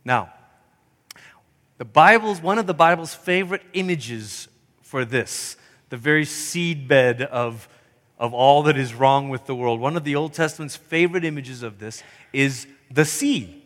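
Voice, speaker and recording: Man, pastor, sermon, animated, acts out voices, long church reverb. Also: medium pitch, unhurried. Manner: animated, acts out voices and sings snatches of songs. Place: church sanctuary.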